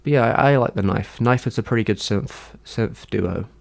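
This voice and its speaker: A man's voice: on the low side, normal speed, creaky. A man chatting casually on a livestream, answering his chat in a rambling, hesitant way with many fillers and restarts.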